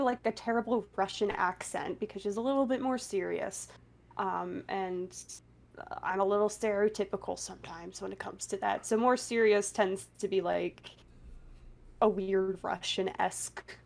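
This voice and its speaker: A woman voice actor chatting casually on a panel, her voice sitting at an ordinary middle pitch. She talks in a loose, giggly way, with plenty of ums and likes. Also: a little mellow. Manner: giggly, chatty, full of fillers.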